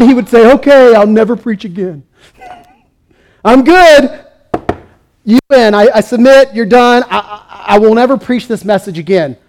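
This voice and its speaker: A man's voice: high-pitched, darkish tone. A man preaching a sermon, emphatic, acting out the voices he quotes. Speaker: pastor.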